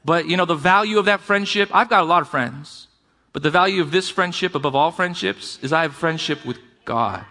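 A man's voice: on the high side, brisk, sharp tone. A man preaching a sermon as pastor, talking conversationally and calling out to his congregation. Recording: long reverb of a large hall.

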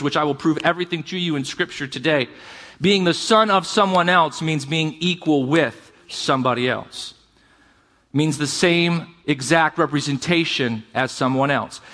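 A male pastor with a high, bright, ringing voice preaches a sermon. He keeps it conversational and checks in with his congregation as he goes. The sound carries the long reverb of a large hall.

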